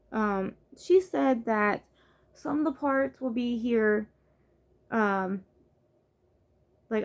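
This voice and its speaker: A woman's voice: medium pitch, a little mellow. A young woman from the United States venting in a casual vlog, frustrated, with many fillers and restarts. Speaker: vlogger. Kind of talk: casual vlog rant to camera.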